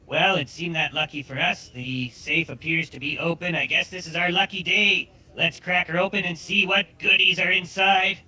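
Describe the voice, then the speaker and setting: A man's voice: sits high, fairly even intonation, normal speed, hardly any pauses, sharp tone, heavily acted, low-quality recording. A synthetic man voicing a cocky Southern outlaw. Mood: swaggering. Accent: American Southern. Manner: boastful, swaggering. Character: cocky male outlaw gunslinger.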